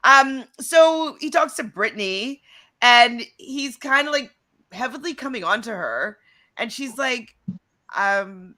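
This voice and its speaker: A woman co-hosting a casual recap chat about a reality show, chatty and quick to laugh, often reading from her notes. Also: fairly high pitch, lively intonation, bright, forceful tone.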